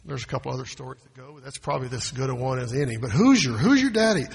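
A man preaching a sermon as pastor, swinging from quiet asides to loud, emphatic proclamations. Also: medium pitch, very fast, gravelly, slightly rough. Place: church sanctuary. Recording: long hall reverb.

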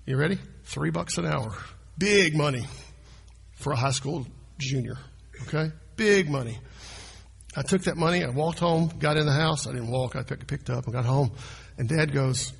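A man's voice: a little high, normal speed, gravelly, breathy edge. A man, preaching a sermon as pastor and talking to his congregation in a conversational way. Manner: conversational, asks the congregation questions. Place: church sanctuary. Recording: long hall reverb.

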